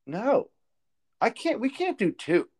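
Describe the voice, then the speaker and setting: Animated podcast co-host, lively voice. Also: male voice, sits high, slow. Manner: animated, stammering restarts when worked up. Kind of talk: casual political chat.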